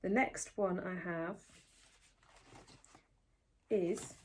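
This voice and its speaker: A woman's voice: fairly low pitch, fairly even intonation, very slow, slight background noise. A woman hosting a knitting podcast, talking casually to the camera in a rambling, self-deprecating way with many restarts.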